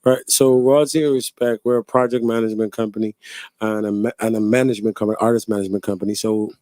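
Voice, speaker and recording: Man from the Bahamas, low and mellow, dry close sound, steady business explainer. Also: fast, dry recording. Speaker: artist management company guest. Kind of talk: interview answers.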